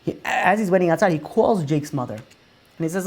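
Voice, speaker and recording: A man's voice: on the high side, lively intonation, moderate pace, darkish tone. A man, a rabbi, telling a story in a casual way, full of "you know" and "like" fillers. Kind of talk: oral storytelling.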